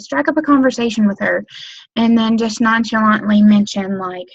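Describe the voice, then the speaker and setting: A woman's voice: on the high side, moderate pace, no echo, dull audio. A woman giving casual training on a webinar, rambling with lots of um, like and you know. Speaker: direct sales consultant training new team members. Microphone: computer mic on a webinar.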